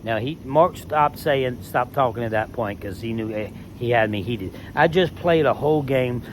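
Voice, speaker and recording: A former reality show contestant telling a story in a heated, emphatic way, swearing freely. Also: male voice, medium pitch, moderate pace, slight background noise. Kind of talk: casual storytelling rant.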